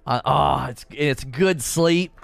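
A man's voice: a little high, slow pace, vocal fry, a bit bright, dry recording. A man chatting casually on a livestream, reading chat messages aloud and telling rambling stories. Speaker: streamer.

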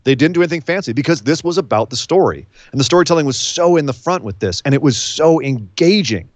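A man co-hosting a casual talk show, recapping events in an animated storytelling way. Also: a little high, fast talker, dry recording. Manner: animated storytelling, acts out quotes. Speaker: podcast co-host. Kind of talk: casual wrestling recap chat.

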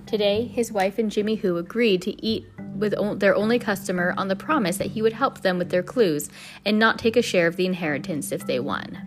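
Brief: woman narrator reading a chapter book aloud, steady pace, faint music under. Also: medium pitch. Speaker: reader. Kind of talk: reading a children's novel aloud.

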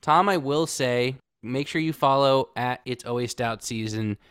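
Man, podcast host, teasing, laughs a lot, smooth voice, mid pitch. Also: measured pace, a bit bright, no room sound, studio quality. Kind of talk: casual chat.

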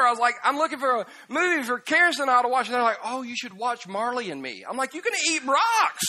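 A man preaching a humorous sermon, telling emotional stories, dropping soft and then bursting out laughing and loud. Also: very high voice. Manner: animated storytelling, swings from hushed to loud laughing outbursts. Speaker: pastor. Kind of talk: sermon with self-deprecating humor.

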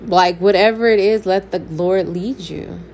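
Her low, slightly mellow voice moves unhurriedly as this young adult faith vlogger offers a frank testimony that leans preachy. She talks casually and directly to the camera, with faint background noise present.

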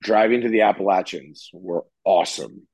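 A man co-hosting a casual chat, animated and quick to laugh. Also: low voice, gravelly, husky, no room sound, poor audio. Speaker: podcast co-host. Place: California.

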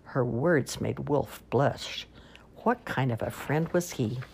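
A woman reading children's stories aloud with expressive storytelling. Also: rumbling low, slow, creaky, slight background noise. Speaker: storybook reader.

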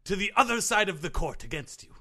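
A man's voice: high voice, sing-song, a little fast, bright, forceful tone, exaggerated voice. A man playing a pompous eccentric grunt coach. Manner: pompous, theatrical, over-the-top. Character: smug eccentric male tennis grunt coach. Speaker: comedy podcast sketch performer. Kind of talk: improvised comedy sketch.

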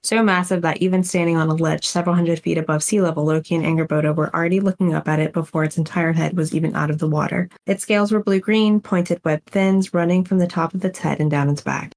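Brief: low-pitched woman co-host, relaxed read-aloud, self-correcting. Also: fast, hardly any pauses. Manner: casual, self-correcting reading. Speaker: book podcast co-host. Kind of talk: reading aloud with casual asides.

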